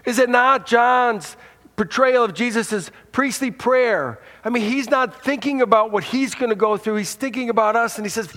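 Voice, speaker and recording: A man's voice: very high-pitched, moderate pace, sharp tone. A man preaching a sermon as pastor, earnest and conversational, often repeating words as he starts a phrase. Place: church hall. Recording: reverberant hall.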